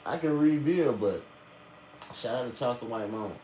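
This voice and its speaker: A man streaming a live reaction, telling blunt, profane stories in a casual and animated way. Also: mid-range voice, moderate pace, slight background noise.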